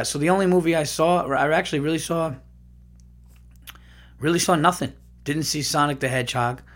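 A man hosting his podcast in a casual comedic monologue, ranting and swearing freely. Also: mid-range voice. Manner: profane, ranting. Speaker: podcast host.

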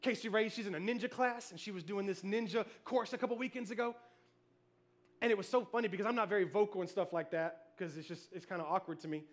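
A male pastor preaching a sermon, telling family stories with animated energy, shouting cheers and then dropping soft. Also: sits high, fast, a little hiss or hum.

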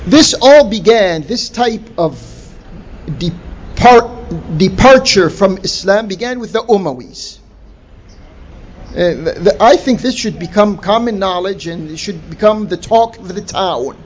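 A man preaching a sermon in a slow, deliberate way, stressing key words with emphatic rises. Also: sits high, expressive. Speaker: Islamic preacher. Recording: dull lo-fi recording with faint noise.

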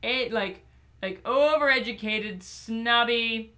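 Bright, chatty woman podcast host. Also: a little high, slow pace. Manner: chatty and playful, with many fillers. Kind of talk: casual chat about children's books.

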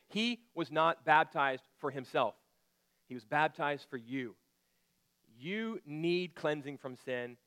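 A male pastor preaching a sermon, asking rhetorical questions and dropping to a hushed intensity at key points. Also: a little high.

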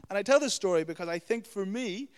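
A young adult man preaching a sermon, teaching with lively storytelling and checking in with "okay?" and "you know". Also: sits high, quick pace, clean tone. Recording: long hall reverb.

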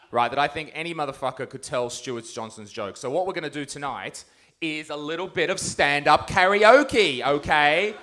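A man's voice: fairly high pitch, bright, forceful tone. A man doing live stand-up on a comedy stage, roasting people in the audience with crude, mocking banter.

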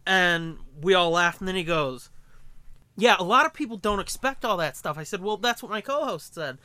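A man co-hosting a podcast, telling a story in casual chat, animated and profane, acting out quotes. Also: sits high, normal speed, no echo. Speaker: podcast co-host.

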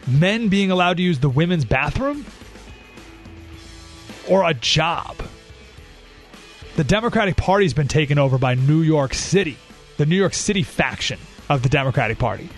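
A man hosting a political talk radio show, talking in an animated, sarcastic way. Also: a little high, moderate pace, pauses often, faint music behind. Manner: animated, sarcastic, acts out quoted voices.

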